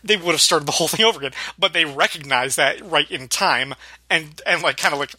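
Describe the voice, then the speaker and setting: A man's voice: a little high, fairly quick, sharp tone, breathy edge, no room sound. A man co-hosting a podcast, recapping a TV episode and laughing often. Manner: laughs often, acts out characters' lines. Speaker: podcast co-host. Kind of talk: casual TV rewatch discussion.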